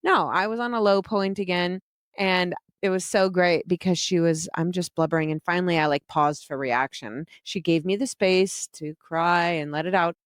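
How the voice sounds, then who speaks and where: Low-voiced, frank storytelling woman. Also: normal speed, clean tone, no room sound, studio quality. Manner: frank, self-mocking, laughs often, casual swearing. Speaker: vlogger telling a personal story. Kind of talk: candid personal storytelling.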